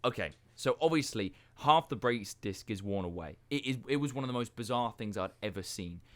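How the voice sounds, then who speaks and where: Man, fairly low voice, podcast co-host, enthusiastic casual storytelling. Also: animated, a little fast.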